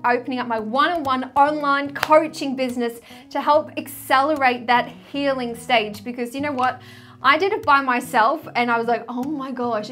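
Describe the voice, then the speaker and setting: A woman in her thirties with a high, light voice speaks earnestly and openly to her viewers as a spiritual coach. She sounds confessional and sincere, and soft music plays underneath. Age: 30s. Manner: heartfelt, confessional, repeats "literally". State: tearful, choked up. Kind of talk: personal vlog talk to camera.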